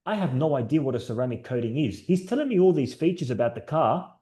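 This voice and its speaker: A man's voice: mid-range voice, very animated, quick pace, warm tone. A man presenting a sales training session to his team over a video call, upbeat and encouraging, telling stories. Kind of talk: live online training session.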